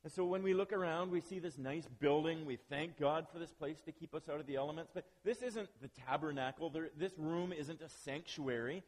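A man's voice: on the high side, brisk, few pauses. A man preaching a sermon as pastor, talking conversationally with self-deprecating asides to the congregation. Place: church building. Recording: long reverb of a church hall.

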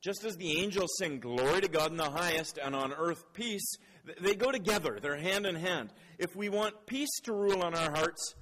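A man's voice: high-pitched, normal speed, a bit bright. A man preaching a sermon. He playfully quizzes the congregation, then turns earnest and reflective. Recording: long hall reverb.

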